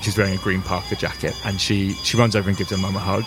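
Low-voiced game master narrating a scene. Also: male voice, quick pace. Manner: relaxed, conversational, with frequent fillers.

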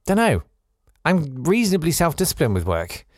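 A man hosting a podcast, chatting casually in a wry, rambling, gently self-mocking way as he reads out and answers listener messages. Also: fairly high pitch, huge pitch swings, normal speed, dry recording, studio quality. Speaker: podcast host.

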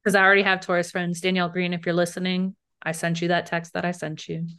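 A woman's voice: lowish voice, level tone, fast, a bit bright, clean tone. A young woman in her twenties co-hosting a podcast, chatting casually and rambling with lots of fillers and laughter. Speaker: podcast co-host. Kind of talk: casual chat.

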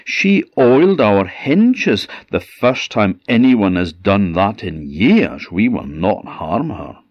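A man's voice: lowish voice, very animated, slow, no room sound, lo-fi sound, full character voice. A man with an Orkney Scottish accent voicing grateful palace doors that refuse firmly. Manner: firm, emphatic refusal.

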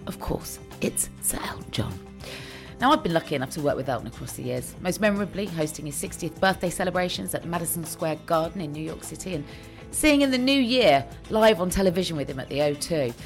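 A woman host reading a scripted introduction in a lively, upbeat way. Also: fairly low pitch, fairly quick, faint music behind. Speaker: podcast host.

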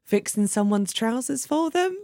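A young woman, a cabaret singer, chatting as an interview guest and telling stories in a playful, sweary, animated way. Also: on the high side, normal speed, dry recording, studio quality. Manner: animated storyteller, playful and sweary, acts out quotes. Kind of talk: casual chat.

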